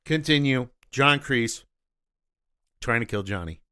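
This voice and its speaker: A man's voice: mid-range voice, animated, measured pace, bright, forceful tone, smooth. A man co-hosting a casual film podcast, ranting animatedly and swearing freely. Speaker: podcast co-host. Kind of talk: casual film-review chat.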